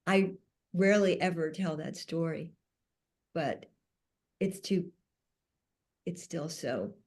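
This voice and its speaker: A woman on a panel, telling a personal story in a soft-spoken, emotional way. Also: lowish voice, slow pace. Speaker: panel speaker.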